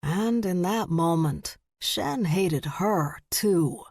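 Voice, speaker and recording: A woman narrating an audiobook in a measured, deliberate way. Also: on the low side, lively intonation, darkish tone, dry recording, clean studio sound. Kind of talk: scripted narration.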